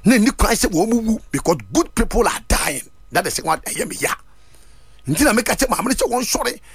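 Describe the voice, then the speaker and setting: Fervent high-voiced preacher. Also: male voice, sing-song, fairly quick, vocal fry, breathy edge, no echo. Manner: fervent, mixing Twi and English, shouting at peaks. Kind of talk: sermon.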